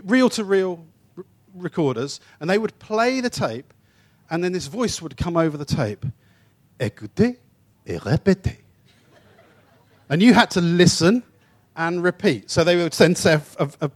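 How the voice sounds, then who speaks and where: Man preaching in a chatty, stumbling way. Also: high voice. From England. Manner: informal and anecdotal, with repeated restarts and stumbles; shifts between quick asides and slow, emphatic phrases. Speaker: traveling preacher. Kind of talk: conversational sermon teaching.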